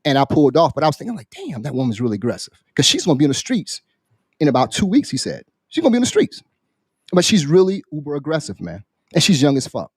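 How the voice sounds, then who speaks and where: A man, a military veteran, on a podcast, casually telling a story in an animated, profane way and acting out the people in it. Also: fairly high pitch, fast talker, husky, dry recording, studio quality. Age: adult, military veteran. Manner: animated, profane, acts out quoted voices. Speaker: podcast co-host.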